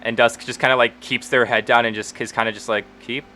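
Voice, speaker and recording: A man's voice: medium pitch, little pitch movement, fast, sharp tone. A man narrating as game master in a tabletop role-play, casual and loose with many fillers. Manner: casual, with many ums and likes.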